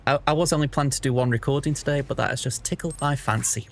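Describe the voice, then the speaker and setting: A man's voice: mid-range voice, fairly even intonation, fast talker. A man hosting a let's play, giving chatty, upbeat gameplay commentary.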